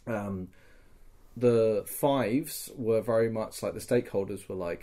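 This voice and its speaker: A man's voice: lowish voice, a little slow, dark tone. A young man on a podcast, casually recounting a live-action role-play game in loose, rambling sentences with frequent swearing. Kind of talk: casual storytelling chat.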